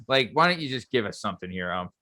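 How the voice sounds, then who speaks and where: A man's voice: fairly low pitch, animated, fast talker, bright, forceful tone. A man hosting a casual podcast, laid-back and chatty. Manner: laid-back, says "like" and "yeah" a lot. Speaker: podcast host.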